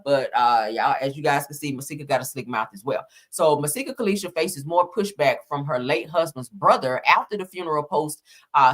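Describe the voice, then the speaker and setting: Woman reading out messages on her gossip stream, bright sharp voice, lots of uh's and slangy asides. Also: low-pitched. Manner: reads haltingly with many "uh" fillers, casual slang asides. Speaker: celebrity gossip commentator.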